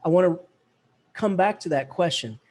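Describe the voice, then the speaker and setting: Guy professor rambling through a lecture, kinda husky, cracks jokes, higher voice. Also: lively intonation, normal speed, a little mellow. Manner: chatty, jokey, playful mock accents. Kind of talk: lively classroom lecture.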